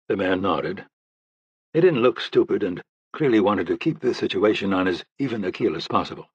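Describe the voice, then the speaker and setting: A male audiobook narrator reading a thriller in a steady, even manner. His low voice has a husky grain. The recording is close and dry, slightly dull in tone. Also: fairly quick, no echo.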